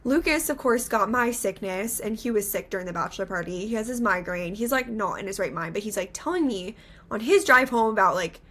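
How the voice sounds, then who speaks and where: A young woman co-hosting a podcast, chatting through a story in an animated way with many filler words. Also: medium pitch, fairly quick. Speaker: podcast co-host. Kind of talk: casual storytelling chat.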